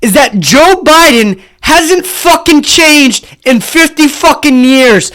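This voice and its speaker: A podcast host in a casual solo episode, ranting and swearing heavily, swinging between muttered asides and loud outbursts. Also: sits high. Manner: profane, heated ranting.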